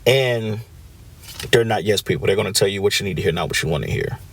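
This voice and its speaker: A man's voice: lowish voice, fast talker. A man hosting a podcast, talking casually on his own, often checking in with "right?" and acting out what friends say. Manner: conversational, frequent "right?" check-ins, acts out quoted friends. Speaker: podcast host. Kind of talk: casual solo podcast talk.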